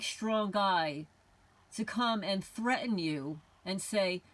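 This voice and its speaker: A woman's voice: medium pitch, slow pace, no room sound. A middle-aged woman hosting a homesteading channel, delivering an indignant, confrontational rant aimed at unseen tormentors. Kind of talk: ranting monologue to camera.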